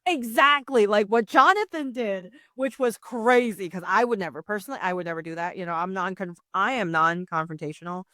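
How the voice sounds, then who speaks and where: A young woman co-hosting a podcast in casual chat, animated and giggly, often jumping into high, excited mock voices. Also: a little fast, few pauses, no echo, studio quality. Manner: chatty and giggly. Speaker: podcast co-host.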